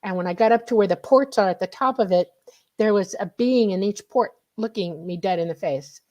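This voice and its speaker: A middle-aged woman from the United States, a guest on a radio show, telling a personal story in a lively way and acting out her past reactions. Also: mid-range voice, brisk, muffled recording. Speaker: guest, contactee.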